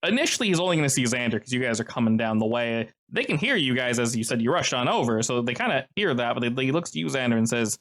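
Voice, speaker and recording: Animated game master man. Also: medium pitch, quick pace, hardly any pauses. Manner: lively, explanatory, many fillers. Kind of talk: running a tabletop game over voice chat.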